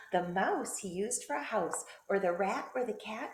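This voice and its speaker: A woman teacher reading a picture book aloud to children, playful and expressive. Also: medium pitch, moderate pace, echoey room, a little hiss or hum. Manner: playful, expressive storytelling with sound effects.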